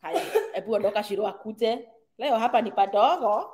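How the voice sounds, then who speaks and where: Kenyan woman, middle-aged, livestream host, slightly high voice, chatty, greets viewers by name. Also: lively intonation, fairly quick, background noise. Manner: chatty, reads viewer comments aloud, mixes in Swahili. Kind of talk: casual livestream chat.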